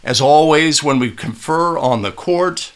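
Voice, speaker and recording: A man's voice: a little high, measured pace. A middle-aged man breaking down game clips for referees, talking casually and often checking in with "right?". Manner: conversational, asks "right?" often. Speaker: basketball officiating instructor. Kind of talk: video breakdown commentary.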